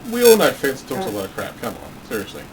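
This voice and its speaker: A man playing a tabletop game, joking and quick to argue with the game master. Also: medium pitch, huge pitch swings, distant mic, noisy background. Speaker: player. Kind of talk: casual tabletop play.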